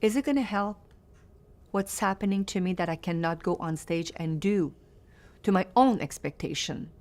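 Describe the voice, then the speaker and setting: A woman in her fifties, a native French speaker, answers questions as a singer in a sit-down interview. Her voice is on the low side, a little mellow, at a moderate pace, and she's earnest and reflective, repeating phrases for emphasis.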